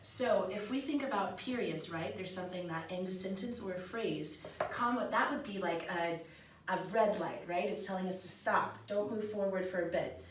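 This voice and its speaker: A woman's voice: mid-range voice, moderate pace. An upbeat young woman leads a small classroom grammar lesson, encouraging her students as she works through examples. She is picked up from a distance in an echoing room. A faint hiss sits under her voice. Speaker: student teacher leading a small group. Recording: roomy echo, mic far off, faint hiss.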